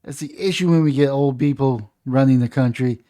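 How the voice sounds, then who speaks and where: A man's voice: mid-range voice, a little fast, mellow. A man giving an opinionated political commentary monologue, reading news aloud and then ranting emphatically about it. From United States.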